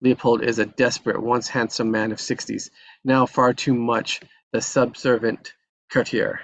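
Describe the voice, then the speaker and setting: A man's voice: medium pitch, flat delivery, measured pace. A man reading the stage directions in a table read, in a plain, matter-of-fact way.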